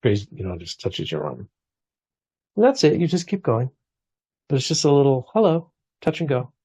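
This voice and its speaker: A man's voice: medium pitch, big pitch swings, normal speed, slightly rough, dry recording, highs cut off. A man in his forties talking reflectively in a casual conversation, full of restarts and small asides. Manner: reflective, warm storytelling with frequent restarts.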